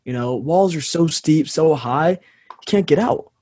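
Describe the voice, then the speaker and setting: Husky man telling a story on a podcast. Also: fairly high pitch, animated, unhurried, darkish tone. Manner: storytelling, acts out voices in a parable. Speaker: podcast co-host. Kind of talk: casual podcast chat.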